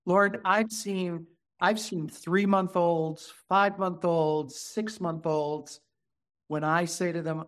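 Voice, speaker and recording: A man with a somewhat high voice talks earnestly as a therapist guest in an interview. When he acts out what he tells children, he goes soft and soothing. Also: steady tone, takes it slowly. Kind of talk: conversational interview.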